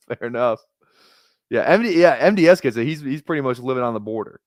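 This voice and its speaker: Rambling, excitable man on a live stream. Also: medium pitch, measured pace, long pauses, dry recording, clean studio sound. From Minnesota, USA. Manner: rambling, excitable, profane rants with filler words. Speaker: fantasy football streamer. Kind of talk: casual live-stream chat while drafting.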